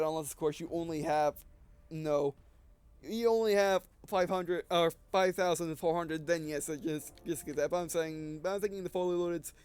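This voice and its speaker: A man's voice: a little high, a little mellow, clean tone, no room sound. A man giving casual, rambling gameplay commentary while short of breath, often restarting and correcting himself. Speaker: gaming video creator.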